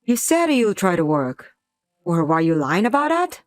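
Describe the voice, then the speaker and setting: A woman's voice: on the low side, sing-song, moderate pace, no echo, faint music behind. A woman voicing a resentful adult husband who talks in a curt, contemptuous way in a scripted drama. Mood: cold.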